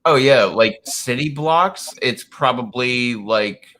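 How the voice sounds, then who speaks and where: A man's voice: medium pitch, takes it slowly, a bit bright. A man hosting a livestream, chatting easily and saying "like" constantly. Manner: easygoing, filler-heavy, says "like" constantly. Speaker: livestream host. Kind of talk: casual late-night chat.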